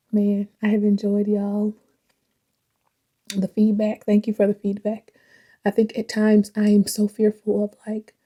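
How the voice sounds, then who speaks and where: A woman's voice: mid-range voice, dark tone. A woman chatting casually and reflectively as a vlogger while driving, laughing often. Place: in a car.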